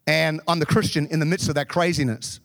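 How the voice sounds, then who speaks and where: A man's voice: a little high, fairly even intonation, a little fast, creaky, a bit bright, no room sound, clean studio sound. A man preaching a sermon to a congregation, telling humorous personal stories. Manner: humorous storytelling, addresses the congregation.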